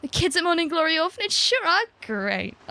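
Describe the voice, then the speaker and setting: A woman voicing a friendly, gossipy neighbor woman in a video game, with a bright, lilting delivery. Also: extremely high pitch, sing-song, unhurried, gravelly, no echo, voice pushed up, exaggerated voice. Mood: chatty. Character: chatty, friendly middle-aged neighbor woman.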